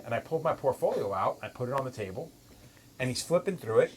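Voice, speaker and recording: Profane, animated middle-aged man. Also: medium pitch, fast, slight background noise, rough recording. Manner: profane, animated storyteller acting out quoted lines. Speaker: host, tattoo artist. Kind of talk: casual chat, telling stories.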